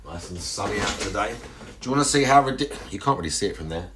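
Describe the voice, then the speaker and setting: A man's voice: fairly low pitch, animated, quick pace, very noisy. A young man chatting casually on a livestream, rambling and crude, with lots of restarts and self-mocking asides.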